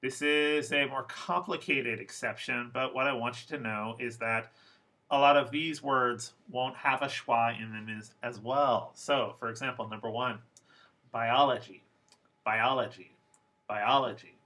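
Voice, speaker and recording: A man teaching an English pronunciation lesson, speaking slowly and deliberately and repeating each example word. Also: mid-range voice, sharp tone. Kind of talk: classroom lecture.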